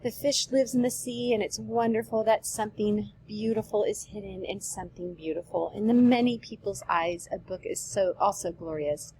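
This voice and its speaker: A woman's voice: mid-range voice, darkish tone, slight background noise, close to an everyday voice, poor audio. Woman reading as a firm noble mother. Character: noble middle-aged mother, firm and businesslike. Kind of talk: reading a play aloud.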